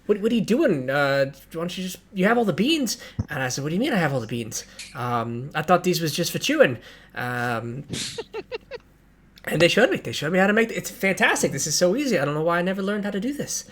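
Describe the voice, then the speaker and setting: An excitable ship crewman, higher in pitch and louder than the man who puts him on usually sounds. He gushes and rambles, tripping over repeated words as his eagerness runs ahead of him. A quick, jittery energy fills every line. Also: slight background noise. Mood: rambling. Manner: giddy, rambling, stammering.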